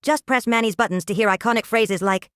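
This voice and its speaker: A woman podcast host reading a mock commercial voice-over with a sarcastic, salesy pitch. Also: fairly quick, a bit bright, clear, resonant tone, no echo, clean studio sound.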